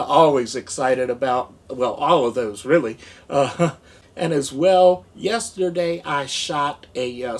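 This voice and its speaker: A man in his forties, rambling goofily through an unboxing vlog, mumbling and joking to himself. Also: medium pitch. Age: 40s. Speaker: unboxing vlogger.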